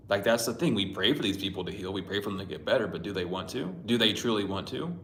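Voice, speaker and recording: A man's voice: on the low side, expressive, quick pace, hardly any pauses, fairly bright tone, a little hiss or hum. A man giving a casual spiritual tarot reading, talking bluntly, swearing often and rambling. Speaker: tarot reader. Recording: roomy echo.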